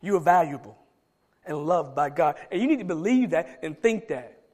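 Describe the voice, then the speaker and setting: A middle-aged man preaching a sermon, swinging between loud emphatic calls and soft low asides. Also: lively intonation, moderate pace. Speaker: pastor.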